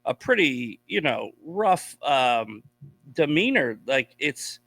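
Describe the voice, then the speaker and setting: A man's voice: medium pitch, big pitch swings, slow, vocal fry, sharp tone, dry recording. A man from Boston, a podcast guest, telling stories in blunt, profane casual chat. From Boston, USA.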